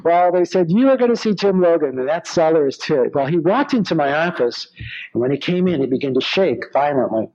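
A man preaches in a fairly quick, high-leaning voice, weaving stories into his sermon and performing each character's quoted lines. The lo-fi recording sounds a little dull.

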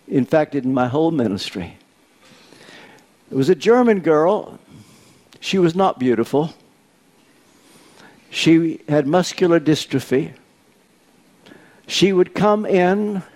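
Older preacher, slow and higher-pitched. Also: male voice, darkish tone. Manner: unhurried storytelling with dry humor. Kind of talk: sermon.

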